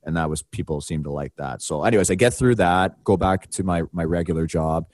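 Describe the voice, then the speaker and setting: An animated male podcast host retells a story in loose, casual chat, his voice leaping up and down and dropping in a few swear words. His voice sits on the low side. The close mic sounds dry, with no room around it. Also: a little fast, dry recording. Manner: animated, swings his pitch widely when retelling. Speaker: podcast co-host and hockey broadcaster.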